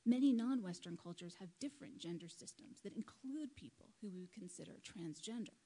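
A woman delivers a prepared talk at a live event, measured and earnest. Her voice sits at an ordinary middle pitch for a woman. She speaks into a microphone at a lectern. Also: expressive, mellow, breathy edge, poor audio.

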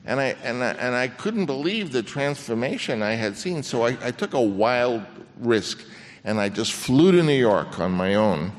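An older man, a film director, telling an anecdote on stage in a halting way with many restarts, acting out the voices he quotes. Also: mid-range voice, expressive. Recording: long reverb of a hall.

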